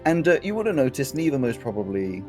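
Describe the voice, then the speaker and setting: A man's voice: mid-range voice, sing-song, fast. A man running a tabletop game as game master, rambling and correcting himself as he narrates. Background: background music.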